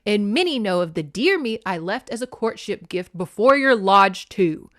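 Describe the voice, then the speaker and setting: A woman's voice: a little high, moderate pace, close to an everyday voice. A woman playing a sneering, hot-tempered young suitor. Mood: menacing. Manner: forceful, sneering. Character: jealous young man, proud and hot-tempered.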